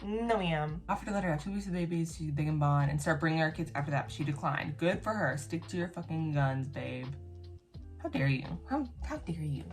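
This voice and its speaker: A woman with a slightly low voice reads posts aloud and reacts to them in a relaxed, unfiltered way. She is blunt, swears freely, and breaks into her own commentary between lines. Faint music plays in the background. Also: brisk, few pauses. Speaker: YouTuber reacting to online posts.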